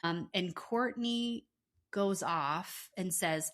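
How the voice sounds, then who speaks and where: Woman, podcast co-host, lower voice, casual chat, animated storytelling. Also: unhurried. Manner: animated storyteller, acting out quotes.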